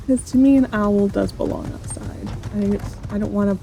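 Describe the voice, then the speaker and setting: A woman's voice: mid-range voice, fairly even intonation, fairly quick, gravelly, warm tone, soft background music. A woman hosting a gameplay video, chatting casually and thinking aloud as she plays.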